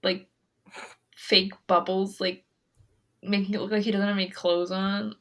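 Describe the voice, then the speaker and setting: A woman's voice: mid-range voice, flat delivery, a bit bright. Chatty, giggly young woman podcaster. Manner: chatty, giggly, quick asides, many "like" fillers. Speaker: podcast co-host. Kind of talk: casual chat.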